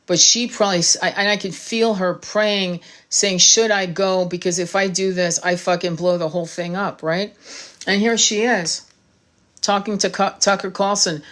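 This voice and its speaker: A woman's voice: medium pitch, a bit bright. A woman speaking straight to her viewers as a tarot reader, in an impassioned monologue. She is blunt and heated, and she swears freely as she talks.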